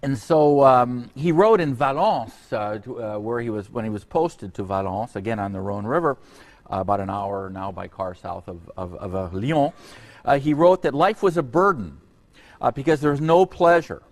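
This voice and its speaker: A man giving an unscripted university history lecture, halting often on fillers and restarts, with conversational asides to his students. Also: medium pitch, animated. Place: lecture hall.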